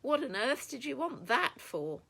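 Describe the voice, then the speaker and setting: A woman voicing a brisk, sharp female companion who speaks with incredulous force. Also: lowish voice, natural voice.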